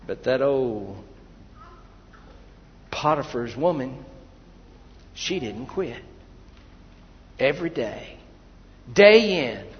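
A man preaching a sermon, moving from quiet storytelling to loud, drawn-out exhortation to the congregation. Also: medium pitch, lively intonation. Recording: dull, lo-fi with long hall reverb.

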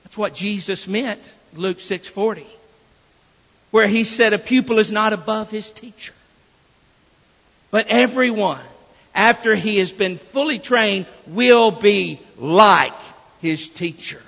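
Slow, gravelly-voiced pastor preaching in a hall. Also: male voice, high-pitched. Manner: emphatic preaching with repeated restarts. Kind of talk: sermon. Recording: dull reverberant church recording.

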